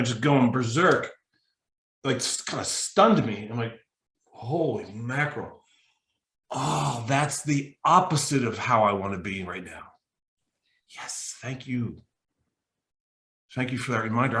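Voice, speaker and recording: A man tells a story with lively energy, and his voice rings bright and forceful. He leaps into high, shouted voices when he quotes other people. The sound is roomy, with a clear echo off the walls. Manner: animated, acts out dialogue with big pitch jumps. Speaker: mental toughness coach. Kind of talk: storytelling in a podcast interview.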